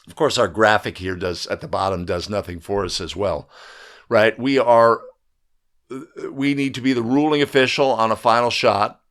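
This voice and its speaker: Pitched fairly low, this man's voice stays steady and fairly bright at a moderate pace. Hosting a training video for basketball referees, he breaks down game footage in an emphatic coaching style, tagging lines with "right?" again and again.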